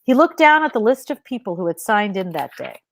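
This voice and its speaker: A woman author reading her fiction aloud in a measured, expressive narration. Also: medium pitch, gravelly.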